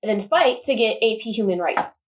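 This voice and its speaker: A woman's voice: on the high side, animated, far from the mic, rough recording. A young woman talking passionately in a casual discussion, packing her speech with fillers like "like". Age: young adult. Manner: passionate, fast, filler-heavy. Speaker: student guest.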